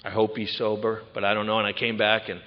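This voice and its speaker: Man telling his story in an echoing hall. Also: on the low side. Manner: animated storytelling with quick asides. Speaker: recovery speaker. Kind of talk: personal recovery talk at a retreat. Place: large hall at a retreat. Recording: dull sound with long hall reverb.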